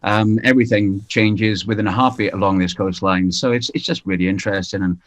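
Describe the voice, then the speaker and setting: A Welsh man in his fifties, a musician guest on a radio interview, talking in a halting way with many fillers and restarts. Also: fairly low pitch, steady tone. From Wales. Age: 50s. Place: outdoors by the sea.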